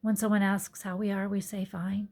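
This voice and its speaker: A woman's voice: medium pitch, little pitch movement, fairly quick. A woman yoga teacher talking earnestly into her phone in a reflective personal monologue, sometimes dropping to a whisper. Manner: earnest, soft-spoken, drops to whispered asides.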